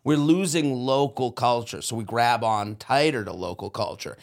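Animated man from outside Boston. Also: medium pitch, gravelly. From outside of Boston, Massachusetts. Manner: animated, laughing, quick asides and self-interruptions. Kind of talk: casual podcast chat.

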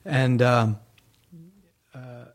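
A male comedian guest in casual podcast chat, telling rambling anecdotes with halting restarts. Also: mid-range voice, little pitch movement.

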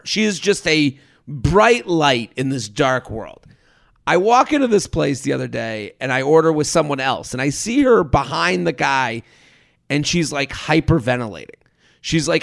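A man's voice: fairly high pitch, gravelly, a bit bright. A man telling stories in an exaggerated, laughing way as a comedian hosting a casual podcast chat. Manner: storytelling, exaggerated, laughing often.

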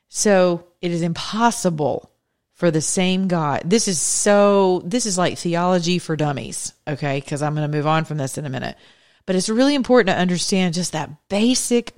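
A woman's voice: lowish voice, darkish tone. A woman hosting her own podcast, giving earnest, conversational religious commentary in a preacherly way. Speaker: podcast host.

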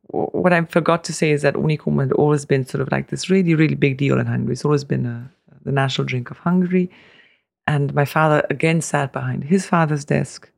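Interview guest, middle-aged man, gravelly voice, dry close sound, rambling storyteller. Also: fairly high pitch, dry recording. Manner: rambling anecdotes with fillers, laughs easily. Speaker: guest, family business heir.

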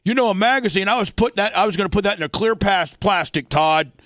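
A man's voice: high-pitched, lively intonation, fast talker, fairly bright tone, no room sound, voice pushed up. A man doing his angry scolding dad. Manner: profane, exasperated scolding. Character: angry middle-aged father scolding his young son.

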